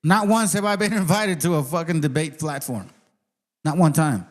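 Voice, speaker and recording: Casting: male channel host, slightly high voice, blunt and foul-mouthed, street slang. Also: normal speed. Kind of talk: profane casual commentary.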